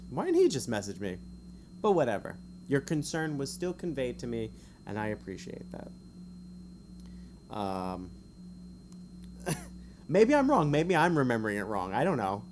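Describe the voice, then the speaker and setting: On a stream, a man with a medium-pitched voice reads a gamebook aloud casually, with a little hiss or hum in the audio. Between passages he's chatty, drifting into rambling asides and quick to laugh at himself.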